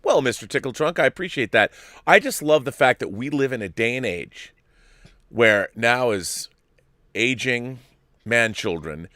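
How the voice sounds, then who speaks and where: A man's voice: mid-range voice, animated, a little slow, pushed and bright, no room sound, clean studio sound. A male host chatting casually and reading out viewer messages with wry humor. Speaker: show host. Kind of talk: casual chat.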